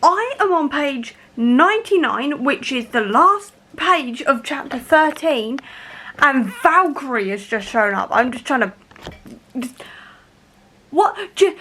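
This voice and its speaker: A young woman chats to her camera at home, her voice high and bright. She rambles excitedly, full of fillers and restarts, like a fan mid-read. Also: a little slow. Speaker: book vlogger. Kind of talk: casual reading vlog. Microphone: camera mic.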